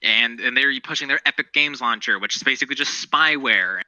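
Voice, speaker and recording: A man's voice: medium pitch, fairly quick, sharp tone, dry recording, muffled recording. A man co-hosting a podcast, chatting casually about current events in a rambling, profane, opinionated way. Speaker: podcast co-host.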